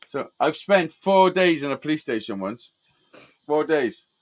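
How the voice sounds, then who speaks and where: A man telling stories in an animated, sweary way in casual chat. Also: fairly high pitch, measured pace. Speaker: host.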